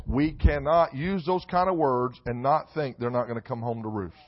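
A man preaches a sermon in a church. His high voice climbs into loud emphatic bursts and drops into joking asides. The recording sounds dull and lo-fi. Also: lively intonation, fairly quick, hardly any pauses. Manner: preaching with rising shouts and comic asides. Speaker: pastor. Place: church sanctuary.

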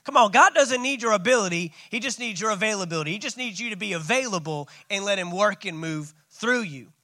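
Guy preaching a sermon, higher voice, dry close sound, calls out to the church. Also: expressive, brisk, bright, forceful tone, no room sound. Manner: preaching with call-outs. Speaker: pastor.

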